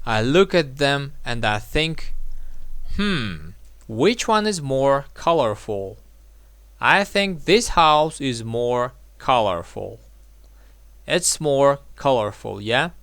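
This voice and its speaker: A man gives an English grammar lesson at an unhurried, deliberate pace, repeating each example and checking in with a quick "yeah?". His voice is smooth and clear, at a middle pitch, recorded close with no room sound. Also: fairly bright tone, no echo. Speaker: English teacher. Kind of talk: slow explanatory grammar lesson.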